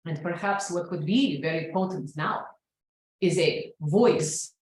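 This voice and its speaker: A woman's voice: lowish voice, slow, darkish tone. A woman from the former Soviet Union with a Russian accent, giving an earnest public talk full of "you know"s. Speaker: speaker at an event. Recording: very echoey room.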